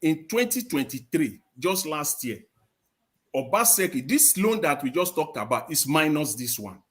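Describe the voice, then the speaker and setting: A Nigerian man with a slightly raised, husky voice makes his case on a live-stream panel. He cites figures and restarts his sentences often. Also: a little high, sing-song, fairly bright tone. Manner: citing figures, halting restarts. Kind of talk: heated live-stream debate.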